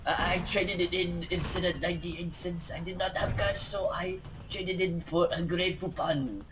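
A man's voice: high-pitched, fairly even intonation, normal speed, noisy background. A man hosting a let's play, rambling goofy jokes and giggling often.

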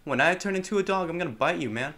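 A young man giving casual, joking commentary on a horror game, chatting to the characters and breaking into loud yelps. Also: on the high side, expressive, fast. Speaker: gameplay commentator.

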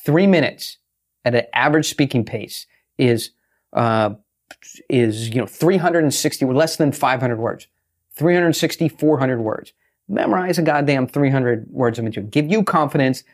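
A man talking as a podcast guest and pitch expert, brash and blunt, swearing and acting out little quotes. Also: expressive, moderate pace. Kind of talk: fast casual podcast talk.

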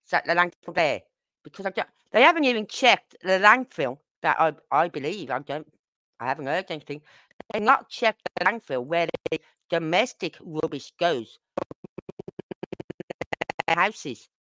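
Lady doing a livestream, kinda low voice, dry close sound, keeps repeating herself. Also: expressive, a little slow, pauses often, a bit bright, no echo. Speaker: livestream host. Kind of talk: casual commentary livestream.

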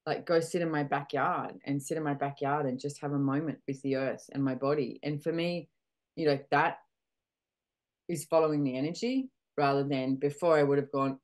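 A woman's voice: low-pitched, normal speed, a little mellow. A middle-aged woman with an Australian accent talks candidly in a casual conversation and acts out her own reactions as she goes. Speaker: podcast host. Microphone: video call.

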